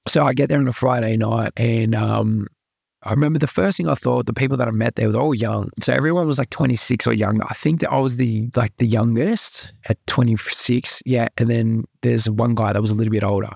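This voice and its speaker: A man's voice: mid-range voice, fairly quick, vocal fry, darkish tone, breathy edge, no echo, clean studio sound. A young Australian man, a podcast guest, telling his personal story candidly, often repeating himself and adding "like" and "right". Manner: earnest, repeats himself, full of likes and rights.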